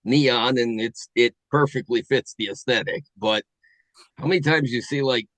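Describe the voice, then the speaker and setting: Middle-aged male host, halting musing delivery, dry close mic. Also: medium pitch, a bit bright, no room sound, rough recording. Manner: musing, halting, with many fillers and restarts. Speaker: podcast host. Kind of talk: casual chat.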